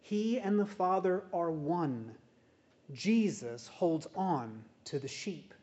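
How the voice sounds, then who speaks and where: A man with a high voice delivers a sermon, slow and measured, leaning on pauses for emphasis. The recording is dull and muffled. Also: expressive, darkish tone. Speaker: pastor.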